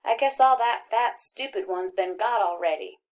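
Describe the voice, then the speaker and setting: A woman with a mid-range voice reads an audiobook in a lightly acted style. She voices a friendly, boastful country boy from rural Arkansas, using a folksy drawl and jabbering fast and eager.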